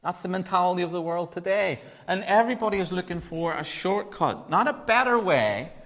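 A man's voice: high-pitched, animated, fairly quick, fairly bright tone. A man, a pastor leading a prayer and preaching a conversational sermon full of rhetorical questions. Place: church hall. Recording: reverberant church hall.

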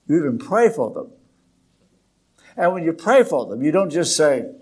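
An older man preaching a sermon in a slow, dramatic way, with emphatic pauses. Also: fairly high pitch, sing-song, a little mellow, husky.

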